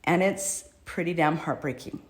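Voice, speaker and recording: A middle-aged woman with a deep, low-pitched voice talks straight to the camera as a mother. She is earnest and emotional, with a pleading, heartfelt manner. Her delivery is a personal address rather than a script. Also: moderate pace. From United States. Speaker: mother speaking out.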